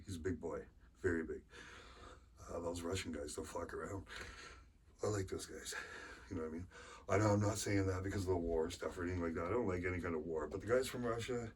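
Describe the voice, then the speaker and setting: A middle-aged man with a lingering cold, rambling casually and swearing during a home workout vlog. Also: low-pitched. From Canada. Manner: rambling, chatty, swears casually, sighs between sets. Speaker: arm wrestler vlogger. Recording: far from the mic with faint ambient noise.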